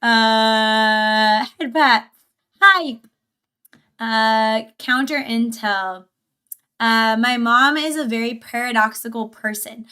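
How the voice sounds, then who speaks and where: High-voiced chatty woman streamer. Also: slow pace, sharp tone, clear, resonant tone. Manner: chatty, easily sidetracked, giggly. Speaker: livestreamer. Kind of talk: casual livestream reaction chat.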